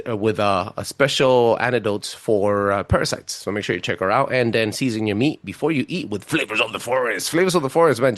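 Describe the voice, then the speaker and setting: Rambling animated man hosting a podcast. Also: medium pitch, no echo. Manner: rambling, loose and animated, swearing. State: a little tipsy from whiskey. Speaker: podcast host. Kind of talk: casual podcast intro.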